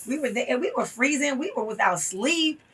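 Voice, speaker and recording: A woman speaking as an interview guest, her voice a little husky and set slightly higher than most. She tells her story with emphasis, acting out what others said, and is heard from a bit back from the microphone. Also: animated, a little fast, fairly bright tone, distant mic. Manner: emphatic, storytelling with acted quotes. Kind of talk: casual interview talk.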